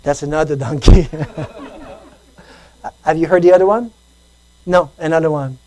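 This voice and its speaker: Woman preaching with lively swings. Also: low voice, normal speed, rough recording. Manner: lively, repeats phrases, storytelling, swings between loud and soft. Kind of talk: sermon.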